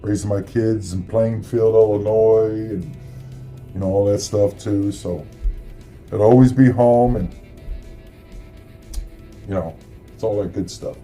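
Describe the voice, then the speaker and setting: A man's voice: fairly low pitch, fairly even intonation, unhurried, long pauses, warm tone, faint music behind. A middle-aged man from the area, hosting a casual holiday monologue in a rambling, earnest, profane way. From Chicago area. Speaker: host.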